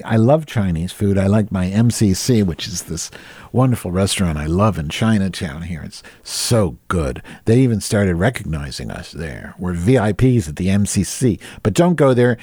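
Male solo podcaster, lower voice with wide swings, crude and sarcastic rambling; dry close-mic sound. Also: sing-song, moderate pace, a little mellow, dry recording. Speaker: podcast host. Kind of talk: solo profane rant.

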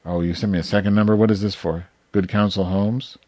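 A man making a prank phone call, talking in a sardonic, mumbling, deadpan way. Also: lowish voice, a little fast, no room sound. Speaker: prank caller.

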